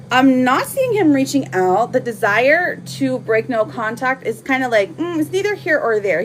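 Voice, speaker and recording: A woman reading tarot cards on a live stream, chatting casually and warmly with lots of fillers and slang. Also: fairly high pitch, noisy background.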